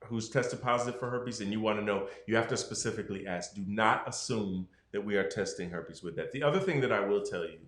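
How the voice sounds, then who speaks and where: A man's voice: on the low side, a little fast, hardly any pauses, fairly bright tone, roomy sound. A man, a doctor, explaining health matters frankly in a casual podcast conversation. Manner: explanatory, frank, acts out patients' voices.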